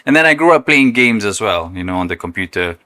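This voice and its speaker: Bright-voiced Malaysian man, laughing often. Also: lowish voice, quick pace, no echo, clean studio sound. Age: young adult. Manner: animated, laughs often, mimics accents. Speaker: guest, content creator. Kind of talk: casual interview chat.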